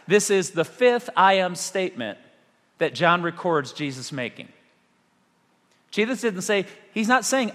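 Male pastor, animated sermon delivery with dramatic pauses; long hall reverb. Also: high voice. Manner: animated preaching with rhetorical questions and dramatic pauses.

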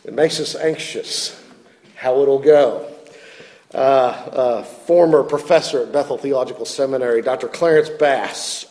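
A man's voice: mid-range voice, a little mellow, big-room sound. A male pastor preaching a sermon in an earnest, self-deprecating way, often repeating words as he stresses a point.

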